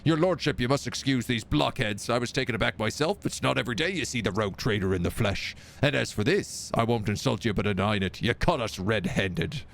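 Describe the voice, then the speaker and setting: A man's voice: mid-range voice, animated, a little fast, gravelly, few pauses, fairly bright tone. A man voicing a swaggering male gang boss with a Cockney accent, brash and cheeky, in a video game read-aloud. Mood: fawning. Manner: brash, fawning yet cheeky.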